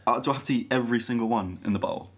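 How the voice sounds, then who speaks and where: A man co-hosting a casual banter show, easygoing and quick to laugh. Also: mid-range voice. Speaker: podcast co-host.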